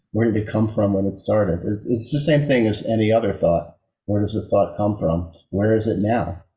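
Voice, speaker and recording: A man explaining meditation over a video call, calm and posing questions. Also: on the low side, moderate pace, a little hiss or hum. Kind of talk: explaining in group discussion. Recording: echoey room on video call.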